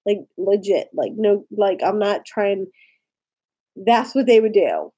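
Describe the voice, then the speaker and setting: A woman's voice: mid-range voice, expressive, takes it slowly, mellow, slightly rough. A woman vlogger, drunk and rambling through a story, full of "like". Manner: rambling, lots of "like". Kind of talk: tipsy casual storytelling.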